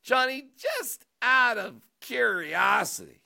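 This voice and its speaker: A man hosting a sports talk show, chatting casually and joking around in an animated, rambling way. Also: very high voice, slow pace, vocal fry, no room sound, clean studio sound. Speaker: sports radio host.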